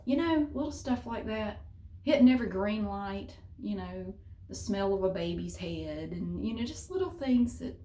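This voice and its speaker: A middle-aged woman, telling a story casually in a chatty, animated way with mild cussing. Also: mid-range voice. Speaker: vlogger. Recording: roomy echo.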